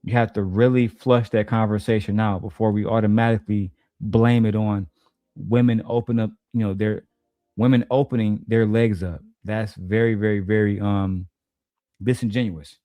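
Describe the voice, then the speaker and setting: A man's voice: on the low side, fairly even intonation, normal speed, mellow, no room sound. A man hosting a casual reaction commentary, profane and mocking, laughing often. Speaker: commentary host.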